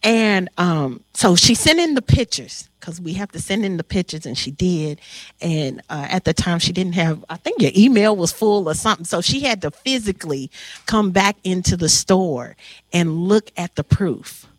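A woman hosting a talk on grief, telling a personal story in a heartfelt, animated way with frequent pauses. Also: lowish voice, no echo. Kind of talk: emotional storytelling.

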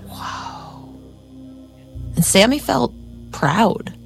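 A woman's voice: fairly low pitch, expressive, normal speed, faint music behind. A woman host narrating a story and asking curious, attentive questions. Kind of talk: scripted narration and interview questions.

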